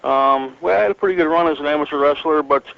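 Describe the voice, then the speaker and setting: A man's voice: a little high, quick pace, gravelly, lo-fi sound. A middle-aged man from northern Michigan, a retired wrestler telling stories as an interview guest, rambling with many fillers and restarts and chuckling often. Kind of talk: relaxed storytelling interview.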